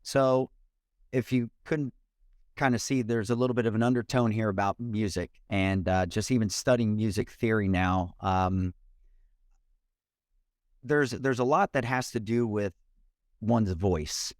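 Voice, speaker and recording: A man, a mortgage loan officer and podcast guest, talking in an energetic, expressive way over a remote call. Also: on the low side, a little slow, long pauses, no echo, clean studio sound. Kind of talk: casual interview talk.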